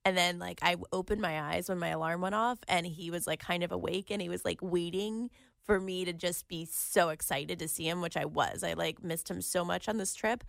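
A woman's voice: fairly low pitch, steady tone, fairly quick, creaky, no echo, studio quality. A woman co-hosting a casual chat while sick with a sore throat and a cold, talking in a rambling way full of fillers. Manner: chatty, rambling, lots of "like" fillers. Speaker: podcast co-host.

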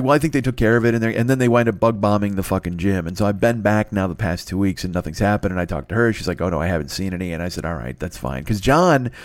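A middle-aged man with a low voice tells a long story on a podcast, swearing freely and getting worked up as he goes. The sound is dry and close, with no room around him. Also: no room sound. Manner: profane, rambling, excitable. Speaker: podcast host. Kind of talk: casual storytelling.

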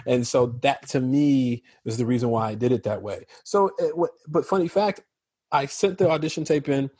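Man, American accent, mid-pitched, husky, dry mic, relaxed rambling chat. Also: moderate pace, no echo. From Chicago. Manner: loose, rambling, laughs often. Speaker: guest actor. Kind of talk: casual podcast chat.

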